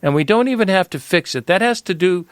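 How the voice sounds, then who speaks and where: A man's voice: high voice, expressive, fast talker, smooth, no echo. A man hosting a reflective conversation, affirming and thoughtful as he draws out his guest. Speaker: host.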